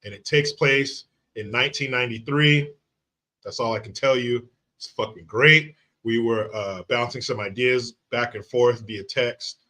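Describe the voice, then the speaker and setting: A man hosting a casual livestream, reading out viewer comments and greeting people by name in an animated, profane way. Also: mid-range voice, unhurried. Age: adult father of young children. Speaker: livestream host.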